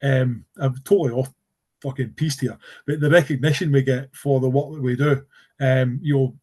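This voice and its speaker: A man's voice: mid-range voice, steady tone, normal speed, a little mellow. A middle-aged man from Scotland with a Scottish accent, telling stories in a casual podcast chat, rambling with lots of fillers and restarts, earnest about his subject. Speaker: podcast guest. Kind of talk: casual conversational storytelling.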